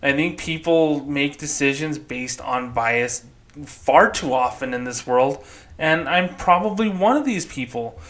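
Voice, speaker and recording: A man's voice: on the high side, unhurried, fairly bright tone. A man hosting an opinionated commentary podcast, talking in a blunt, sarcastic and outspoken way. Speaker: podcast host.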